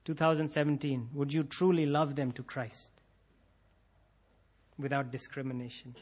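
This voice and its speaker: A man's voice: medium pitch, flat delivery, normal speed, a little mellow, slight background noise. A man preaching a sermon, building to intense emphasis and repeating key phrases, sometimes acting out imagined prayers. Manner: acts out imagined prayers in quoted voices. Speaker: pastor.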